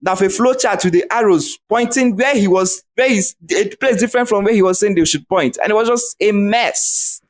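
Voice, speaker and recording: A man's voice: sits high, brisk, few pauses. A young Nigerian man with a Nigerian accent, a podcast guest ranting heatedly over a remote call and swearing freely. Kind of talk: casual podcast chat.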